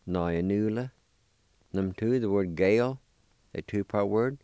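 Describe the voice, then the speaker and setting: A man hosting a radio language lesson, spelling and repeating words slowly and carefully. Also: fairly low pitch, warm tone, clear, resonant tone, no room sound. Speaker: language teacher and program host.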